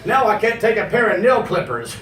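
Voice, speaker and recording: A man performing a stand-up comedy routine on stage, animated and slipping into exaggerated character voices. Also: high-pitched, a little fast, crowd noise. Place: comedy stage before a live audience. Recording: roomy venue sound from a distance.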